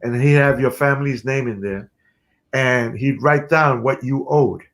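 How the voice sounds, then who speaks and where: A man, a guest musician telling stories in an interview, animated and quick to laugh. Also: mid-range voice. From New York City. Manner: animated storyteller who laughs often. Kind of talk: storytelling in an interview.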